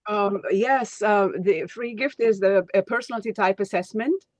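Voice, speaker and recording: A woman leadership coach co-hosting an online workshop, speaking in a halting, soft way over a video call. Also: medium pitch, no echo.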